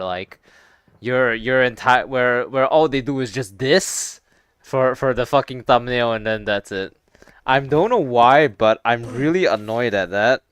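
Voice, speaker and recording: A man's voice: medium pitch, a bit bright, clear, resonant tone, no room sound. A young man streaming a VR game, chatting casually with viewers in a rambling, stop-start way with some swearing. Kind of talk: casual gaming stream chat.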